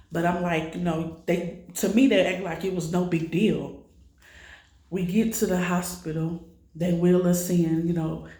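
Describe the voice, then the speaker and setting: A woman's voice: lowish voice, mellow, roomy sound. A woman recounting her child's illness in a personal vlog, raw and distressed, swearing freely as she tells it. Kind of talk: emotional personal vlog storytelling.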